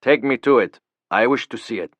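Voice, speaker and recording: A man voicing a cold, measured male terrorist leader. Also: mid-range voice, no room sound, highs cut off, natural voice. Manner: measured, commanding.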